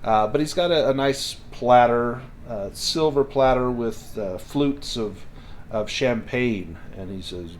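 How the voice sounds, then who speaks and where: Male game master, relaxed, descriptive narration, tabletop game. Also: medium pitch, slow, a little hiss or hum.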